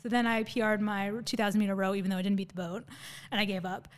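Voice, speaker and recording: A woman's voice: medium pitch, steady tone, quick pace. A woman guest chatting casually in an interview, telling a story in a sarcastic, talkative way with lots of fillers. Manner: sarcastic, by her own account; chatty, with many fillers and laughs.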